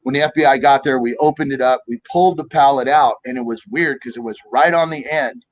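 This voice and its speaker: A man in his fifties from the United States, telling animated stories in a casual political chat and acting out quoted voices. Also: mid-range voice, a little fast, no echo, highs cut off. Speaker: co-host of a political talk stream.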